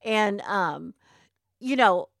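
A middle-aged woman in a casual chat, backing up the other speaker with quick agreement and laughs. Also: mid-range voice, lively intonation, vocal fry, fairly bright tone, dry recording, studio quality. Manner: supportive, chimes in with agreement and laughs. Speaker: podcast co-host, mother of the other host.

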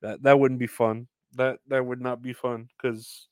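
A man's voice: medium pitch, flat delivery, moderate pace, few pauses, smooth, dry recording. Rambling, swearing young man with a dry close mic. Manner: rambling, profane, self-deprecating. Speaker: podcast host. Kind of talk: casual news rant.

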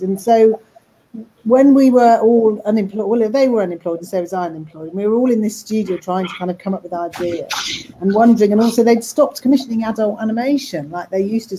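A woman's voice: mid-range voice, warm tone, a little hiss or hum, rough recording. A woman talking casually about her work in animation and voice acting, rambling with restarts. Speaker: animator and voice actor. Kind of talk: casual interview talk.

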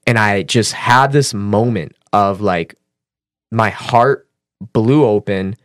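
A man telling a personal story as a podcast guest, casual and animated, swearing and using fillers. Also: slow, no room sound, studio quality. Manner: animated, acts out quotes with raised pitch.

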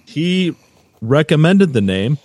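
A man's voice: fairly high pitch, big pitch swings, slow pace, a little mellow, no echo. A man in his fifties co-hosting a podcast in casual chat, rambling and hunting for words with plenty of fillers. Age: 50s. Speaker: podcast co-host.

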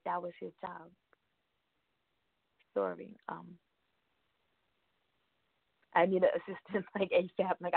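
A woman's voice: fairly low pitch, gravelly, no room sound. A woman hosting a radio show, chatting casually in a rambling way and laughing often. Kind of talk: casual show chat reading birthdays. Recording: tinny phone-like line, dry.

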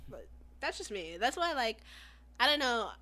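A woman's voice: on the high side, very animated, normal speed, sharp tone. A woman in a casual podcast chat who speaks bluntly and swears freely. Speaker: podcast co-host.

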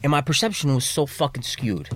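A man speaking as a podcast guest, candidly, with plenty of swearing and restarts, dropping low and quiet at emotional moments. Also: animated, a little fast. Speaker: podcast guest, recovery coach. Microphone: studio mic.

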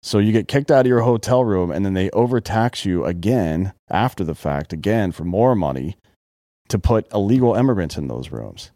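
Deep-voiced, blunt, cussing man. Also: expressive, moderate pace, mellow, no room sound, clean studio sound. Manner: blunt, profane ranting. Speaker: podcast co-host. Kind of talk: casual podcast banter.

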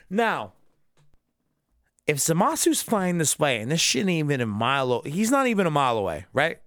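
A man's voice: on the high side, very animated, a little fast, fairly bright tone, no echo, studio quality. A drunk man ranting alone about an episode he disliked, angry and full of swearing. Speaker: anime reviewer. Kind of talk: solo episode review rant.

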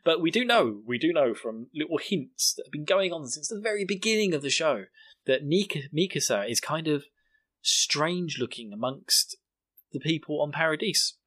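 A man's voice: a little high, animated, moderate pace, a bit bright, no room sound. Sarcastic British man, dry sound. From Britain. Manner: sarcastic, jokey and rambling. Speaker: podcast host. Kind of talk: casual episode recap.

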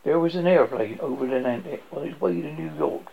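A gruff, gravelly old pub regular spinning a bawdy joke, his pitch lively and his voice husky, as a man reads him. It comes through a dull, lo-fi recording. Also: brisk, a little hiss or hum. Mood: joking. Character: gruff older man, pub storyteller and joker.

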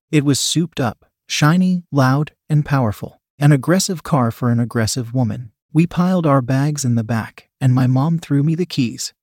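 A young man narrating a first-person story in a steady, plain delivery. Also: mid-range voice, slightly rough, no echo, studio quality.

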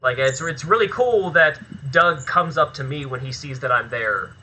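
A man's voice: fairly high pitch, lively intonation, normal speed, sharp tone, slight background noise, poor audio. A man talking as a guest on a casual podcast interview, candid and chatty, swearing freely. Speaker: podcast guest, filmmaker and actor.

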